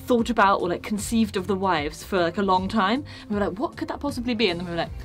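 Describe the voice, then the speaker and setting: A woman's voice: mid-range voice, fast talker, soft background music. A woman, a musical's co-writer, chatting casually and mocking herself with a laugh in an interview.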